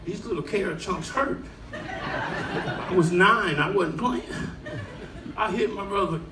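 A man doing stand-up comedy to a live audience, animated and bursting into shouted punchlines. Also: high-pitched, takes it slowly, background noise. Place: cruise ship showroom, live audience. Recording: echoey room, far mic, crowd laughter.

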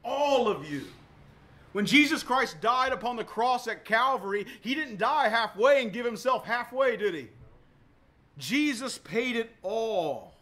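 Male pastor preaching, high voice, bright, punchy, swings from loud to hushed. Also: expressive, a little slow. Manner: emphatic preaching with sharp swings in volume; repeats words for emphasis. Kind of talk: sermon.

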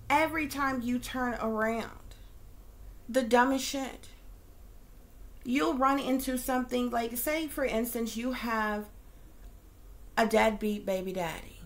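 A middle-aged woman, ranting bluntly and profanely, firing off rhetorical questions. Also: on the high side. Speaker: psychic reader. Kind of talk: ranting monologue.

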